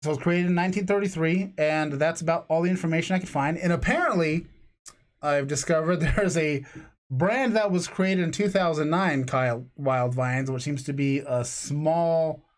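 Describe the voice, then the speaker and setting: A man's voice: fairly high pitch, normal speed. A man co-hosting a casual podcast, rambling through jokes and tangents and laughing often. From lived in Florida. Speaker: podcast co-host. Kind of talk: casual chat.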